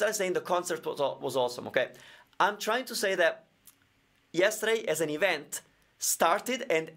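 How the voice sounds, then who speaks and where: Gravelly Italian teacher taking live questions. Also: male voice, fairly high pitch, fairly bright tone. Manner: explains with everyday examples, answers viewer questions. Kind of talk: live-streamed Q&A lesson.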